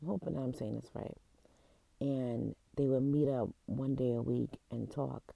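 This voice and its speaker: A woman in a casual vlog, retelling a story in an emotional, halting way, close to tears, with many restarts. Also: extremely low pitch, gravelly, warm tone, breathy edge, dry recording. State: teary, close to crying. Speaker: vlogger. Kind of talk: casual chat.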